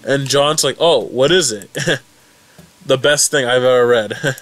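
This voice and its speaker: A young man who makes fan recap vlogs talks through a webcomic update and reacts to it, rambling excitedly and restarting often. His voice is medium in pitch and a little slow.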